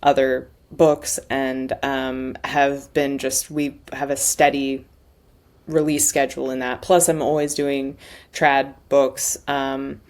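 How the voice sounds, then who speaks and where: A woman's voice: a bass voice, flat delivery, slow pace. A woman author and audiobook narrator chatting casually as a podcast guest, thoughtful and full of restarts.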